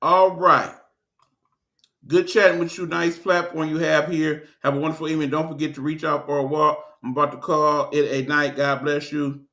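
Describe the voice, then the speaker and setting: A man's voice: a little high, flat delivery, normal speed, sharp tone. A man with a Detroit accent hosting his own online show, ranting in a blunt, profane, joking way. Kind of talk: casual ranting monologue.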